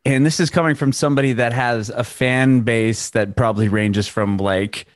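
A man's voice: medium pitch, steady tone, moderate pace, no echo, studio quality. A man interviewing a musician over a video call, friendly and chatty about the music he likes.

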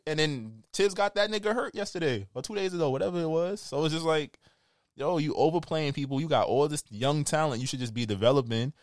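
A man with a New York accent, co-hosting a podcast with animated, profane ranting in casual banter. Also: a little high, fairly quick, dry recording, clean studio sound. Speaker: podcast co-host.

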